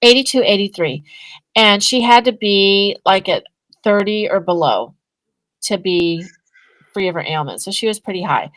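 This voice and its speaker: Woman telling a story on a podcast, animated, plays both sides of the convo, dry close sound. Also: mid-range voice, moderate pace, no room sound, low-quality recording. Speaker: guest, energy healing business owner. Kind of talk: casual storytelling in a podcast interview.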